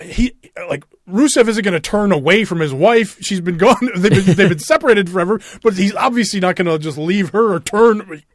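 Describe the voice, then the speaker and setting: A man's voice: sits high, normal speed, few pauses, no room sound, clean studio sound. Laughing wrestling-podcast co-host, man. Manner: laughs often, rambling with restarts. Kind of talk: casual chat.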